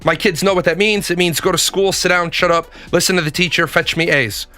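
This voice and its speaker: A man rants casually, swearing freely and repeating lines for emphasis. His voice sits high with a bright, forceful tone. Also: steady tone, a little fast, faint music behind. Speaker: commentator. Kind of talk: casual profane rant.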